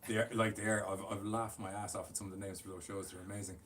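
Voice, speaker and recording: A man's voice: fairly low pitch, flat delivery, fast, a bit bright. A man co-hosting a wrestling podcast, joking and talking offhandedly. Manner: joking, does mock voices, offhand. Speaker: podcast co-host. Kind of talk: casual wrestling chat. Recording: distant mic with faint ambient noise.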